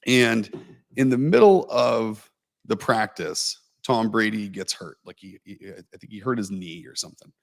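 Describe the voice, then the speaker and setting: Man, low voice, casual livestream storyteller, rambling and self-deprecating. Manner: rambling, self-mocking anecdote with lots of fillers. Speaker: co-host telling a story.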